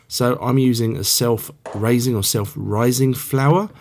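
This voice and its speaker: A man's voice: medium pitch, steady tone, unhurried, darkish tone. A man hosting a casual cooking tutorial, chatting along with rambling asides. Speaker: cookery show host.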